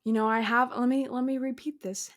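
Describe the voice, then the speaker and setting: A woman's voice: on the high side, steady tone, fairly quick. A young adult woman hosting a solo podcast, talking casually and upbeat about spirituality and surrender, acting out imagined conversations. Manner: upbeat, spiritual, talks through imagined dialogues. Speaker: podcast host.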